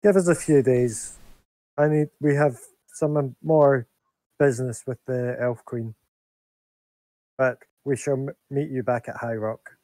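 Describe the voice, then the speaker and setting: A man's voice: mid-range voice, fairly even intonation, a little slow, mellow, dry recording, lightly acted, poor audio. A man playing a terse, proud adventurer. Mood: businesslike. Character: bold male adventurer, blunt and proud.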